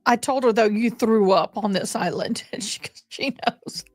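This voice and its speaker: A woman streams a game and chats casually, speaking straight to her viewers. Her voice is on the high side and her pace normal, with no echo. Faint game music plays behind her.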